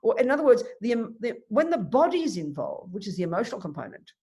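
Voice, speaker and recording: Buddhist nun lady teaching, husky voice, really emphatic and lively. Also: a little high, fast. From Australia. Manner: animated, emphatic, uses vivid examples. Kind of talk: dharma teaching talk.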